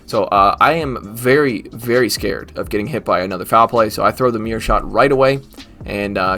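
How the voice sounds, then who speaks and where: A man's voice: fairly low pitch, a little fast, sharp tone, faint music behind. A man giving casual gameplay commentary over his battles, joking and trash-talking the opponents' creatures. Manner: joking, mock trash talk at the game. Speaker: gaming YouTuber.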